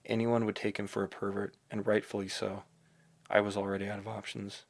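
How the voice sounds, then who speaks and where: A man narrating a novel in the first person, in a rambling, excitable inner monologue. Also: on the low side, a little fast, creaky. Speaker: audiobook narrator.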